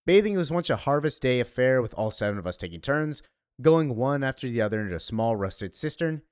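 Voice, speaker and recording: A man reading aloud as a formal, sharp-tongued young girl narrator from a comic, in a wordy, stiff manner. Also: mid-range voice, big pitch swings, fairly quick, clean tone, no echo, studio quality, natural voice.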